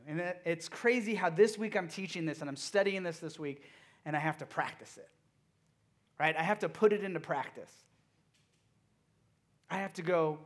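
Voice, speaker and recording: Male youth pastor, a bit high-pitched, direct and engaging, and he drops to a hush at times. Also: normal speed, pauses often. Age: young adult or middle-aged father of a toddler. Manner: engaging, asks the audience direct questions; swings between loud emphasis and hushed, quiet moments. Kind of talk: sermon.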